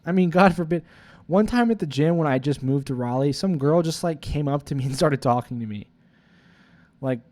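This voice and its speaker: A man's voice: medium pitch, a little mellow. A young man in his twenties, rambling through a profane, confessional vlog monologue full of "like" fillers. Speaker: vlogger.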